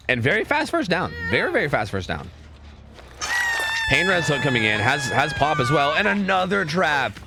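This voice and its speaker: On a very noisy live stream, a man with a voice on the high side casts game scrims. His commentary is casual and chatty, with words often repeated in quick bursts.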